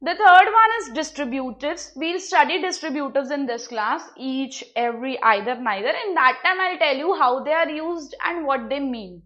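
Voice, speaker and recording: A woman's voice: sits high, expressive, normal speed, few pauses, fairly bright tone. A woman with an Indian English accent teaching English grammar, explaining patiently and repeating each point with examples. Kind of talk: classroom grammar lesson.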